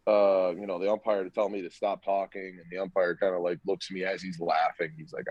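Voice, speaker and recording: A man's voice: low-pitched, a little fast, hardly any pauses, dry recording, dull audio. A young man, a former college hockey player, chatting on a podcast and acting out the people in his stories. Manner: animated storyteller, acts out quotes. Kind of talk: casual podcast chat.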